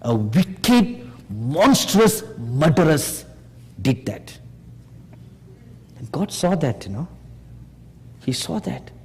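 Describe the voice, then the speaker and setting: A man preaching a sermon slowly and emphatically, pressing the audience with rhetorical questions. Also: fairly high pitch, sing-song, darkish tone. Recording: long hall reverb.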